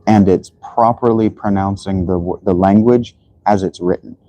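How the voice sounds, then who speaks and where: Low, dark-voiced man lecturing on a livestream. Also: steady tone, a little slow, no room sound, lo-fi sound. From United States. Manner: rambling, lecturing, many restarts and fillers. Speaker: livestream host. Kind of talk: casual livestream monologue.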